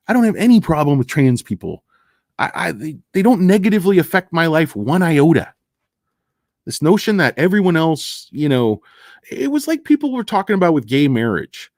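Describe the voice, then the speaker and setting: A man's voice: on the high side, sing-song, moderate pace, gravelly, darkish tone, no echo, studio quality. A man hosting a casual livestream about stocks, rambling and sarcastic as he reads and answers chat. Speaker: livestream host discussing stocks.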